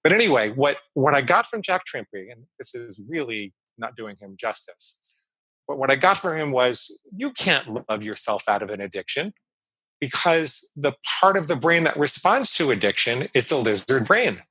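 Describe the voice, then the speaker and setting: A man's voice: medium pitch, sing-song, moderate pace, bright, forceful tone, breathy edge, no room sound, low-quality recording. A man in his fifties, a psychologist guest in an interview, explaining things emphatically and repeating key phrases. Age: 50s. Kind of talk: conversational interview storytelling.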